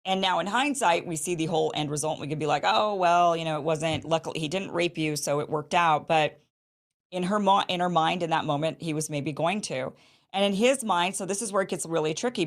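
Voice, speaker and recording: A woman with a low voice talks in casual, unscripted commentary. She thinks out loud, repeating herself and restarting sentences as she works through each point. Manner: hesitant, restarts and repeats phrases while reasoning aloud.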